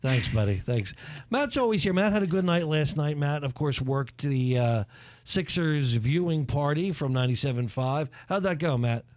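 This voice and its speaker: A man's voice: on the high side, expressive, a little mellow, no room sound, studio quality. A man hosting a playful talk show, cracking jokes and theatrical asides. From Philadelphia. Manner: joking, theatrical, quick asides. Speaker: host. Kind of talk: playful morning show banter.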